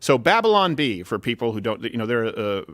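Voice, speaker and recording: A man hosting a comedy talk show in a studio. He is loud and jokey, swears, and swings into mock outrage. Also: mid-range voice, very animated, brisk, no room sound. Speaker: host.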